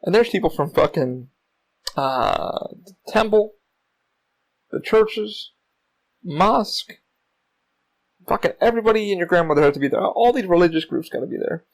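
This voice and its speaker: Male podcast host, gravelly slightly high voice, rambling solo rant with constant swearing. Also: lively intonation, normal speed, long pauses, rough recording. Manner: rambling, heavy profanity, frequent fillers. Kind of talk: casual solo monologue.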